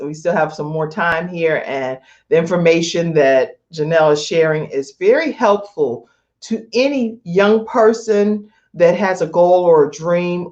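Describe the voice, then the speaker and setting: A woman's voice: fairly low pitch, a little mellow. A woman hosting a live-stream talk show, chatty, laughing often and reading out viewer comments. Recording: dull lo-fi audio.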